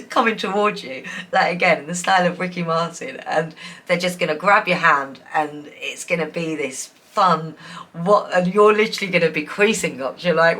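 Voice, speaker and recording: A woman's voice: on the low side, a little fast, a bit bright. A woman giving a chatty, enthusiastic tarot reading to her viewers, often breaking into giggles. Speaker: tarot reader. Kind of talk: casual pick-a-card reading.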